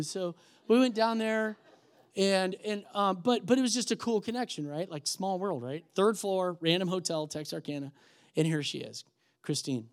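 A man preaching a sermon, telling stories and acting out the voices of the people in them, rising to shouted emphasis. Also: high-pitched, moderate pace. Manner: animated, acts out quoted voices, rises to shouted emphasis. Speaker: pastor. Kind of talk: sermon with storytelling.

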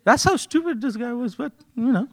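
Animated, jokey male preacher. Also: very high-pitched, fairly quick, no echo. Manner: animated, jokey, swings between loud and hushed. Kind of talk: conversational sermon.

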